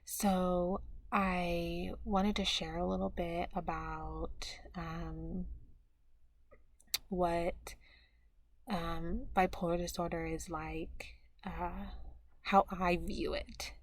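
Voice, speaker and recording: A young woman talking quietly in a personal video diary, feeling low and tired, hesitant and pausing with many fillers. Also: little pitch movement, no room sound. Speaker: vlogger.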